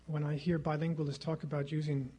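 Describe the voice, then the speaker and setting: A middle-aged man giving a formal public lecture at a podium microphone in a lecture hall, speaking in a measured, rhetorical way and repeating phrases for effect. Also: fairly high pitch, little pitch movement, warm tone, a little hiss or hum. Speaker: guest lecturer.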